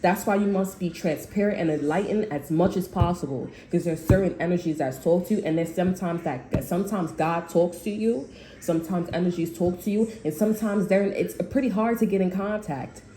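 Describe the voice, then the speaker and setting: A woman tarot reader rambles through a casual spiritual monologue, blunt and quick to swear. Her voice sits a little low. She sounds like she is in an echoey room with a faint hum behind her. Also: dark tone.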